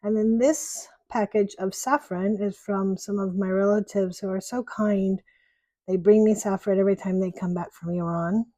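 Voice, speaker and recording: Warm-voiced American woman chatting while cooking. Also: mid-range voice, steady tone, normal speed, dry recording. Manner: chatty, friendly and a bit self-deprecating. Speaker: home cook. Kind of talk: casual cooking vlog. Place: home kitchen.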